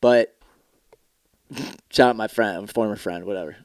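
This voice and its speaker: A man's voice: lowish voice, unhurried, darkish tone, no room sound, studio quality. A man hosting his own podcast, talking candidly and profanely in a rambling, casual way, with mock commercial voices thrown in. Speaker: podcast host. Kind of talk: casual solo podcast talk.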